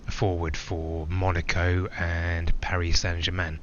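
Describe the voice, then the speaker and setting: A man's voice: sits low, little pitch movement, a little slow, fairly bright tone, dull audio, slight background noise. An actor playing a man flying alone, who talks in a reflective, digressive way with small hesitations. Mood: musing. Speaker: narrator-pilot. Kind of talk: theatrical monologue.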